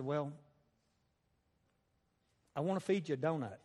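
A slightly high-voiced man tells a personal testimony in a folksy, chatty way. His voice rings out with a long reverb through a large hall. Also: normal speed. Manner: folksy, conversational, with laughter. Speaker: speaker sharing a personal testimony. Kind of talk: storytelling testimony.

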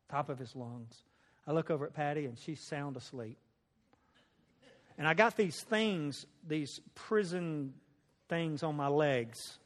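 A slightly high-voiced man tells a personal testimony in a folksy, chatty way. His voice rings out with a long reverb through a large hall. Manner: folksy, conversational, with laughter. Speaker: speaker sharing a personal testimony. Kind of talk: storytelling testimony.

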